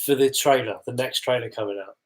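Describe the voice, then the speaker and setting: A man's voice: medium pitch, fast. A man co-hosting a live podcast, sniffling and coughing, in teasing, speculative casual banter. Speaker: podcast co-host. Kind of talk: casual live-stream chat.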